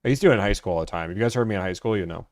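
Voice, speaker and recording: A man's voice: lowish voice, rapid-fire, no echo. Young man from georgia, rambling casual streamer talk, lots of filler, dry close sound. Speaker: car-buying streamer. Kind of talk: casual live-stream chat.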